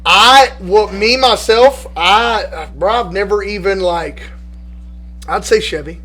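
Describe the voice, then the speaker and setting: A man telling animated, profane stories in a casual chat. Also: high voice, takes it slowly, slight background noise. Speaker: podcast participant telling stories.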